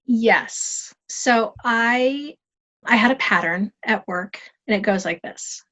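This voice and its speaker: A woman guest on a podcast interview, telling stories in a lively, self-deprecating, humorous way. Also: fairly high pitch, slow pace. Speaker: guest, life coach.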